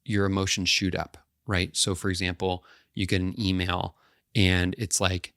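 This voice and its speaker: A man's voice: sits low, level tone, normal speed, fairly bright tone, no echo, clean studio sound. A male counselor giving an educational talk to camera, explaining step by step and often checking in with the listener.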